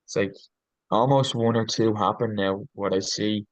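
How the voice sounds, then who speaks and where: A man guesting on a podcast talks in a low register, earnest and reflective. He gropes for words, with frequent ums and restarts. The sound is close and dry, with no room around it. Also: steady tone, normal speed, dry recording, rough recording. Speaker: podcast guest, leadership coach.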